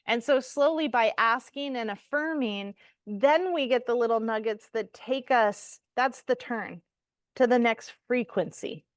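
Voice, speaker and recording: A woman co-hosting a casual spiritual podcast, talking in an animated way with frequent laughs and casual swearing. Her voice sits a little high and the recording is dry and close. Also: a little slow, no echo. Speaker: podcast co-host. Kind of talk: casual chat.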